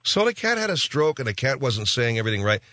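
A man's voice: medium pitch, very animated, fast, pushed and bright, no echo. A man hosting a radio talk show, rambling in a casual, offhand monologue full of restarts from a studio.

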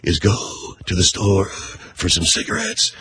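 A man mocking a tired old film actor who wheezes, talking in a low, slow mumble. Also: huge pitch swings, fairly bright tone, a little hiss or hum, exaggerated voice. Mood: weary.

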